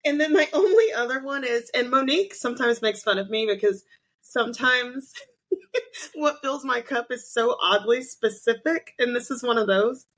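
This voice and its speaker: With a voice a little on the high side and a normal speaking speed, a podcast co-host spins animated stories in casual conversation. She acts out quotes along the way and laughs a lot.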